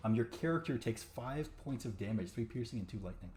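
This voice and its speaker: A man's voice: medium pitch, expressive, brisk, a little mellow, slight background noise. A man narrating as game master for a tabletop roleplaying game, chatty and full of fillers.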